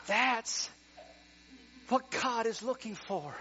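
Middle-aged pastor guy preaching, goes from soft to almost shouting, bit muffled recording w/ hum. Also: extremely high pitch, takes it slowly. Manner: animated, swings from quiet to excited near-shouting. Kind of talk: sermon. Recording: dull lo-fi sound with mains hum.

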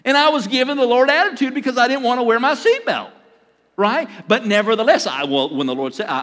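Older man, pastor preaching, high voice, long church-hall reverb. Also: animated, normal speed, fairly bright tone. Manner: conversational preaching with acted asides and chuckles. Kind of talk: sermon. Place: church sanctuary.

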